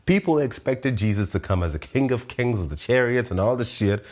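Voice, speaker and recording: Man in his 30s, very deep voice, casual philosophical monologue, frequent laughs, blunt swearing, lively delivery. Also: brisk, few pauses. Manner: animated, laughs often, swears freely. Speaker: show host.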